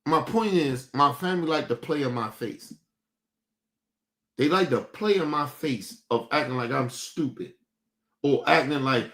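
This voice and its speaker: A man's voice: a little high, lively intonation, a little slow. A young man, hosting a stream and ranting about his family in a heated, profane, repetitive way. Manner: heated, profane, repeats himself. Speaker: streaming show host. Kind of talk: casual rant to a stream audience.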